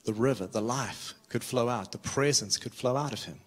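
A man's voice: mid-range voice, moderate pace. Earnest, urgent male preacher. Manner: earnest and urgent, with self-deprecating asides and frequent restarts. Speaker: visiting preacher. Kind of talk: sermon.

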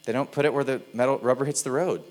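A male pastor delivering a sermon in an easy, conversational voice. His delivery is animated and keeps the mood light. He slips into playful little impressions now and then. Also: medium pitch, fast talker.

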